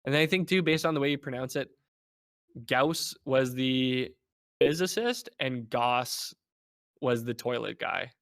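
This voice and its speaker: A man chatting casually as a guest on a podcast, animated and playful, slipping into mock voices. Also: medium pitch, normal speed, creaky. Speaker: guest, game developer.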